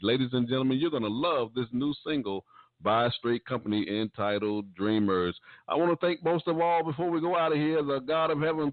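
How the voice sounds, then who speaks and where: A man's voice: mid-range voice, no echo. A man hosting a gospel radio show, signing off in a folksy, preacher-like cadence. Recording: dry, phone-like.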